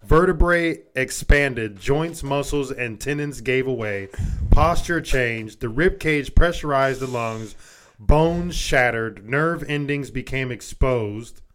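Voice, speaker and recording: A man's voice: medium pitch, slow, fairly bright tone, clear, resonant tone. A man co-hosting a casual podcast, reading a list aloud, stumbling over words and swearing. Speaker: podcast co-host.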